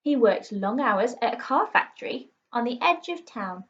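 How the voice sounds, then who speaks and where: Woman teacher, storybook read-aloud, a bit high, slightly muffled, expressive. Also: normal speed, few pauses. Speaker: primary school teacher. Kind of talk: reading a children's book aloud. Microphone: recorded for an online class video.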